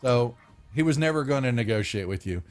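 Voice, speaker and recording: A man's voice: mid-range voice, animated, a little fast, soft background music. A man running a tabletop game online as game master, narrating casually and often breaking off mid-sentence. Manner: rambling, self-interrupting, casual.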